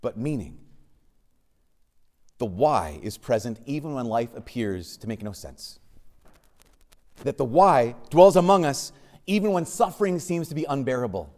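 A man, a Catholic priest, preaching a sermon with wry asides, swinging from urgent questioning to hushed emphasis. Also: mid-range voice, expressive, measured pace, long pauses.

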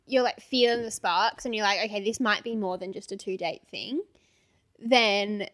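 A young Australian woman co-hosting a casual podcast, bubbly and quick to laugh as she gives advice. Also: mid-range voice, fairly even intonation, fairly bright tone. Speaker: podcast co-host. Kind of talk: casual chat.

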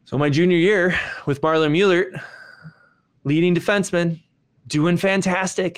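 Man, motivational storyteller, animated delivery with big pitch jumps, fairly high voice. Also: normal speed, clear, resonant tone. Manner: animated, swings pitch up sharply when acting out his younger self. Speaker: speaker.

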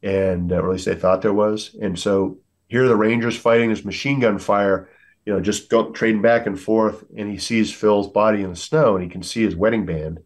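A middle-aged American man with a lowish voice recounts combat stories in a podcast interview. He talks earnestly, leans on fillers and slips into the voices of others. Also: fairly even intonation, moderate pace. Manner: earnest, many fillers, acts out quotes. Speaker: guest, military veteran.

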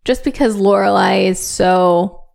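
Woman co-host, casual rambling chat, light vocal fry. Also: mid-range voice, unhurried, darkish tone. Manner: chatty, rambling fan talk with many fillers. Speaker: podcast co-host.

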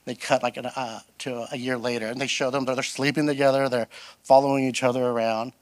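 A man's voice: mid-range voice, a little fast, dry recording. A middle-aged man preaching as a guest pastor, telling funny personal stories and acting out other people's voices. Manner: animated, self-deprecating, acts out quoted voices. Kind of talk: storytelling sermon.

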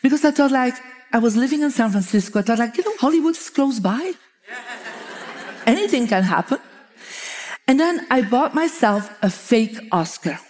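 A middle-aged woman, a feng shui teacher telling lively stories to an audience, often laughing and acting out quoted dialogue. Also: fairly high pitch, normal speed, long pauses. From Belgium. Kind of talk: storytelling talk to an audience.

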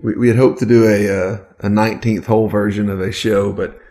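A man's voice: lowish voice, little pitch movement, fairly quick, warm tone. A man co-hosting a casual podcast from his home, laid-back and rambling, often restarting his sentences. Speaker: podcast co-host. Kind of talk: casual chat. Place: home studio at his house. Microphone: studio microphone.

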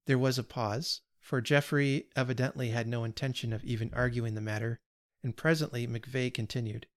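Male story reader, measured, steady, mid-pitched, read-aloud narration.

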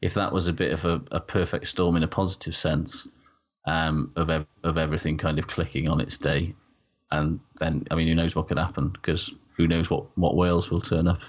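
A man's voice: extremely low pitch, little pitch movement, fairly quick. A man co-hosting a sweary podcast, ranting in exasperation. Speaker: podcast co-host. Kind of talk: casual sweary podcast chat. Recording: dull lo-fi sound.

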